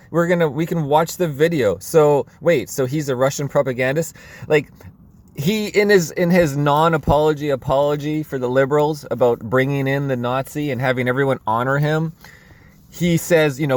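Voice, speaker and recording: A man's voice: on the high side, a little fast. A man from Canada, hosting casual political commentary in a sarcastic, rambling way with frequent laughs. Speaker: commentary video host.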